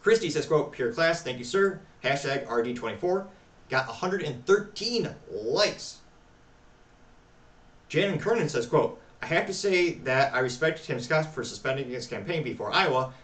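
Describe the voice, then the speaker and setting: A man hosting a talk show, reading social media replies aloud with wry, deadpan asides. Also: fairly high pitch, normal speed, roomy sound, far from the mic. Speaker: podcast host.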